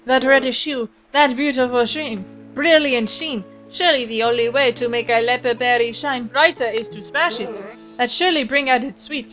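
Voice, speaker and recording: Pompous hungry painter creature for a game playthrough, flowery and grand, wobbly fake french accent, woman voicing, higher voice, soft music behind. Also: low-quality recording.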